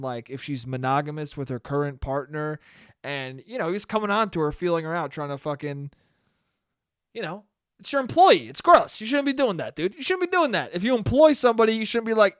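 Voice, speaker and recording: Guy doing a sweary comedy podcast rant by himself, kinda high smooth voice, dry sound. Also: no echo. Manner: profane, ranting, laughs at own jokes. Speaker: podcast host. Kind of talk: solo comedic monologue.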